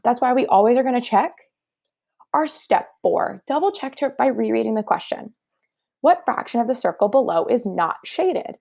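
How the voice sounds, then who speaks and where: A woman's voice: a little high, expressive, moderate pace, vocal fry, darkish tone. A woman teacher giving a third-grade math review lesson, upbeat and encouraging, talking through each step aloud.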